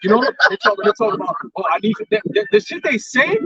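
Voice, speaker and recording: A man's voice: very high voice, fast. A man in a casual group talk, telling crude stories and acting out what others say. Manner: crude, animated storytelling that acts out quotes. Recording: distant dull mic.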